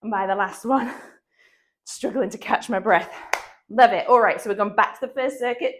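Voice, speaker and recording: A woman's voice: a little high, moderate pace, a little hiss or hum. A woman, coaching a dumbbell workout with upbeat counting and frequent laughs, with a cold in her voice. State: has a cold, slight cough in the voice. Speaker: fitness instructor.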